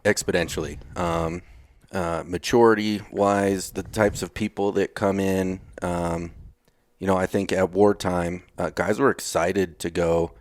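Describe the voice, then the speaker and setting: The voice is deep and steady, a little slow, on a dry recording with clean studio sound. It belongs to a Texan man, a retired Navy SEAL telling blunt, casual stories as a podcast guest. He's blunt, swears casually, and plays out his own past lines in a casual storytelling interview.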